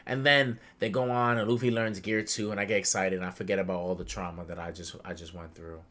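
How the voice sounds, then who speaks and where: A man hosting a podcast, excitedly retelling a story with lots of swearing and acted-out reactions. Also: low-pitched, fast. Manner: excitable, profane, acts out his own reactions. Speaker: podcast host. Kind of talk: animated casual storytelling.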